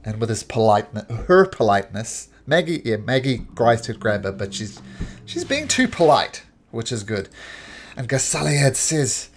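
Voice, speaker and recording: A male game master running a tabletop game. His pitch moves all over as he narrates. His delivery is lively and chuckling. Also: moderate pace.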